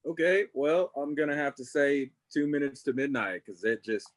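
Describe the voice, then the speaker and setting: A man, a guest musician, talking in casual chat, relaxed and full of "you know" and "man". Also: a little high, moderate pace, dry recording.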